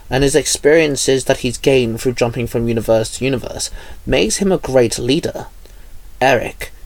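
A man with a middle-pitched voice reads a fan fiction story aloud. He keeps a plain, steady storytelling manner. The sound is dry and close. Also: no echo. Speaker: narrator.

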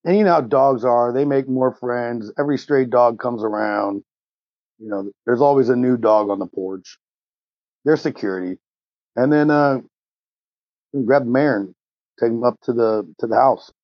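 A man's voice: mid-range voice, moderate pace, long pauses, dry recording, muffled recording. A man playing a tabletop role-playing game, describing scenes casually and rambling with fillers. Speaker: tabletop player. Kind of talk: improvised role-play narration.

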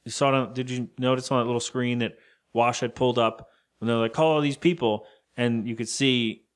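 A man co-hosting a podcast, recapping a film in loose, casual chat with quick quoted lines and some swearing. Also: medium pitch, little pitch movement, clean tone. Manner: loose and profane, retells scenes with quoted lines. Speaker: podcast co-host.

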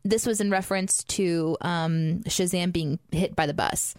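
A woman co-hosting a casual podcast chat, playful and quick to laugh. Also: fairly low pitch, steady tone, darkish tone, dry recording, clean studio sound. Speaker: podcast co-host.

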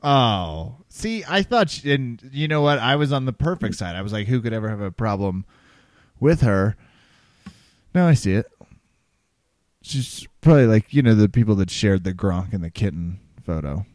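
A man's voice: fairly low pitch, lively intonation, moderate pace, a little mellow, dry recording, studio quality. A man co-hosting a podcast, joking and rambling through casual banter. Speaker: podcast co-host. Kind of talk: casual chat.

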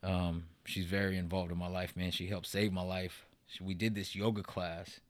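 A man's voice: deep voice, level tone, moderate pace, no room sound. A man in a casual interview, telling his own story in a profane, rambling way, full of "man" and "bro".

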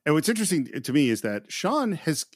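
A man's voice: fairly high pitch, very animated, a little fast, dry recording, clean studio sound. A man co-hosting a film podcast, thoughtfully analyzing characters in casual chat. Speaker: podcast co-host.

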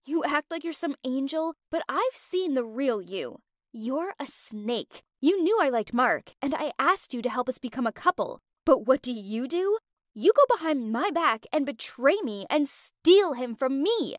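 A woman's voice: high-pitched, lively intonation, a little slow, no room sound, clean studio sound. A woman voicing a bitter, jealous young woman who speaks in a scornful, accusing way.

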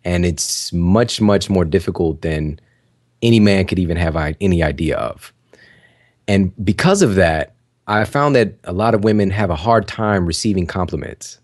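A man with a very low, deep voice talks to his listeners as a podcast host. He gives encouraging advice in a loose, chatty way, full of fillers. The sound is dry and close, with no room echo. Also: lively intonation, moderate pace. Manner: conversational, full of "you know" and "like" fillers; encouraging, addresses listeners directly. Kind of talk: casual motivational talk.

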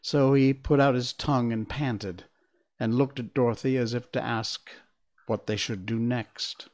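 A man reading a children's storybook aloud, slow and expressive. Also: mid-range voice.

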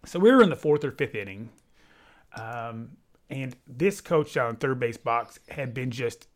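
A man telling a story as a baseball umpire in casual talk, loud and laughing at the punchlines. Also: medium pitch, animated, measured pace.

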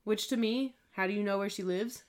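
Casting: giggly woman co-host, mid-pitched, paints scenes in vivid detail. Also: a little fast. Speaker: podcast co-host. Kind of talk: casual film discussion.

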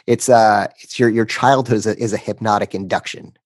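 A man speaking as a podcast guest, telling a candid story in a halting way, often restarting sentences and emotional at times. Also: lowish voice, fairly even intonation, no room sound.

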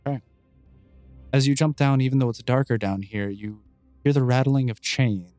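Brief: man, game master narration, calm and descriptive, dry mic, light music bed. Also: medium pitch, normal speed, no room sound.

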